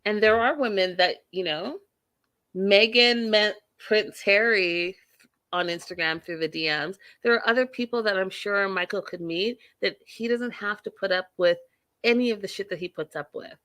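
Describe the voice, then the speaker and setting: Blunt, bright-voiced woman recap host. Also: medium pitch, moderate pace. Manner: blunt, opinionated, swears freely; animated, talks directly to viewers. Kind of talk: casual recap commentary.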